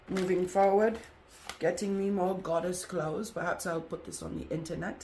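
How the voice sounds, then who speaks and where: A woman's voice: on the low side, steady tone, moderate pace, warm tone, a little hiss or hum. Effusive woman hosting a spiritual talk. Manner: effusive, repetitive chant-like emphasis. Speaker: spiritual group host. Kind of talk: spiritual talk with card reading.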